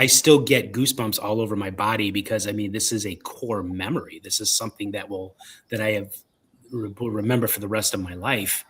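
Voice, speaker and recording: A man with a Chicago accent recounts his own ghost story as a podcast guest. His voice sits low and carries a husky grain. He keeps circling back with "um" and restarts as he talks. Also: a bit bright. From Illinois, United States. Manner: storytelling with many fillers and restarts. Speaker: podcast guest, paranormal investigator.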